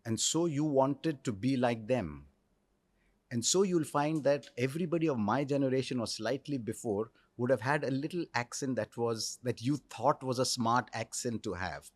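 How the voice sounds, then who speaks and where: Articulate Indian broadcaster, dry studio sound. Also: male voice, mid-range voice, dry recording. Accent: Indian English. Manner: articulate storyteller, measured pauses. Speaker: cricket commentator, interview guest. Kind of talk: reflective podcast interview.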